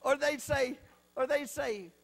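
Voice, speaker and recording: Male comic, very high voice, folksy storyteller with slow punchlines on a live stage. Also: gravelly. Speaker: stand-up comedian. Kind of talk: stand-up comedy storytelling.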